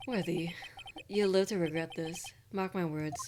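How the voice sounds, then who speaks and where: A woman's voice: fairly low pitch, fairly even intonation, moderate pace, background noise, close to an everyday voice. Woman reading as a smug police chief. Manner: smug, mocking. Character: scheming middle-aged male police chief.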